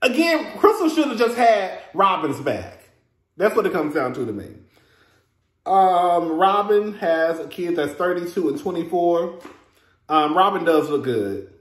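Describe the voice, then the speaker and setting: A man's voice: high-pitched, big pitch swings, a little slow, reverberant. A man, hosting a casual review vlog in a sassy, chatty way, calling listeners "girl" and laughing often. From Texas. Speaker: reality TV reviewer, host.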